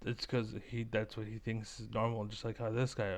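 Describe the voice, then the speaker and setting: A man's voice: lowish voice, level tone, moderate pace, hardly any pauses. A man giving rambling, profane commentary as a vlogger reacting to clips, full of fillers. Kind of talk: casual ranting commentary.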